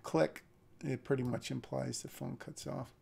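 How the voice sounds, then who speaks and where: A man's voice: medium pitch, steady tone, unhurried, creaky, darkish tone, husky. A man reading a screenplay aloud on a live stream and critiquing it, thinking aloud with hesitant restarts. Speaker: script reader and critic.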